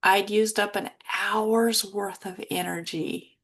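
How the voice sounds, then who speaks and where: Slow-spoken, emotional woman podcast host. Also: mid-range voice, fairly even intonation, a bit bright. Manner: emotional, close to tears, slow and reflective. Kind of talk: personal storytelling monologue.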